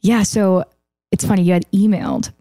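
A woman's voice: medium pitch, mellow, no echo. Young woman rambling through a story. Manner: rambling, fast, full of "like". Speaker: podcast guest, songwriter. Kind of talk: casual storytelling.

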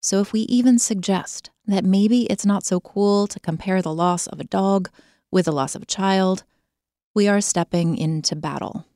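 A woman hosting a podcast, talking straight to listeners in an expressive, emphatic conversational monologue. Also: mid-range voice, moderate pace, no echo, studio quality. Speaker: podcast host.

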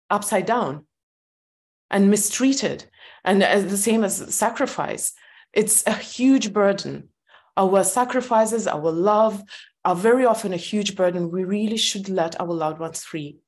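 A woman's voice: medium pitch, a little mellow. Candid woman guest who laughs often. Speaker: guest author. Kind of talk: podcast interview.

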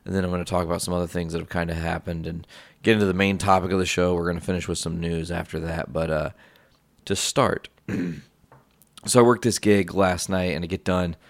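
A man's voice: sits low, steady tone, a little fast, no echo. A young man hosting his own show, telling a rambling, profane story in a casual monologue full of asides. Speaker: podcast host.

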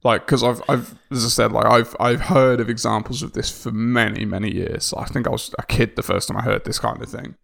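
Gravelly man musing casually. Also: medium pitch, steady tone, fairly quick, few pauses, a bit bright. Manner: musing, rambling with restarts. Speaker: podcast co-host. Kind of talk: casual chat.

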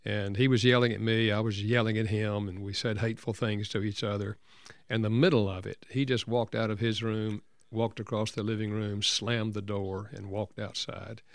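An older man, a counselor and author, telling a personal story as an interview guest in an earnest, gentle way. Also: fairly low pitch, level tone, moderate pace, no room sound, studio quality.

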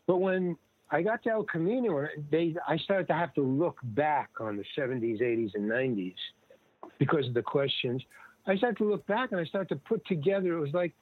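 An older man, an interview guest, telling stories in a rambling, casual way, full of restarts and lively retold dialogue. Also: fairly high pitch, no echo. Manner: rambling, with many restarts and animated retelling of dialogue. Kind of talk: casual storytelling. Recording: dry, tinny phone-like line.

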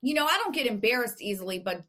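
A woman podcast co-host telling a profane, animated story in casual chat. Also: fairly high pitch, fast talker.

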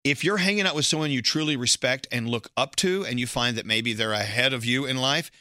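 A man hosting a radio show, chatting playfully about entertainment news in a casual, animated way. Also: mid-range voice, fairly quick, no room sound, clean studio sound.

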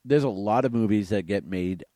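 Low mellow-voiced man musing. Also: normal speed, dry recording. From Massachusetts. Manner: thoughtful, wondering aloud, dry humor. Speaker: podcast co-host. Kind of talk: casual movie podcast chat.

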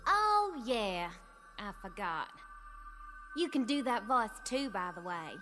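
Woman voicing a bright twangy afterlife clerk, playful and folksy, music under it. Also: fairly high pitch, very animated, takes it slowly, exaggerated voice. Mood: breezy. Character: breezy female afterlife official in charge of installations. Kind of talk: audiobook character voice.

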